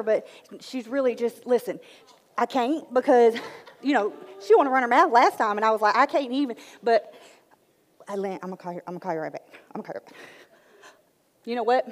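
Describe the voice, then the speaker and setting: A woman acting in a church skit as an excitable mother who chatters, fusses and keeps apologizing. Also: medium pitch, big-room sound, close to an everyday voice. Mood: chatty. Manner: bubbly, chatty, quick to apologize. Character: excitable churchgoing mom, easily flustered.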